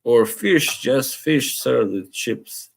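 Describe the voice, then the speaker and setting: A man's voice: mid-range voice, slow, creaky. A man hosting a casual live stream, chatting loosely with viewers, laughing often and slipping into Bosnian phrases. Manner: relaxed, rambling, laughs often, mixes in Bosnian. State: tired from little sleep.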